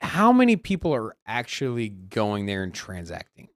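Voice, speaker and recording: A man co-hosts a crypto chat stream, his pitch swinging widely as he talks. He restarts his sentences often and pushes his points with energy. The sound is dry and close, with no room echo. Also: normal speed. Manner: animated, restarts often, greets the chat loudly. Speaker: co-host. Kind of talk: casual crypto news chat.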